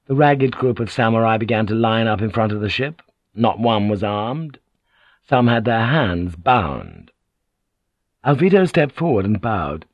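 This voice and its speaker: Low-voiced man reading a novel. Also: very animated, a little slow, no echo. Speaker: audiobook narrator. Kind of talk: scripted novel narration.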